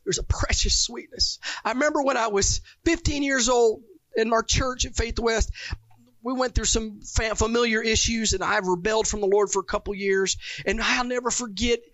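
A man's voice: extremely high pitch, steady tone, normal speed, a bit bright, no echo. A man preaching a sermon, telling his own stories with fervent emotion. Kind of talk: testimonial sermon. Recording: dull, dry lo-fi recording.

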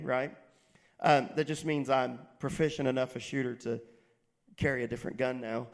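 A man's voice: medium pitch, normal speed. A man preaching a sermon, talking casually and reading scripture aloud with frequent asides to the congregation. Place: church stage. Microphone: filmed on camera.

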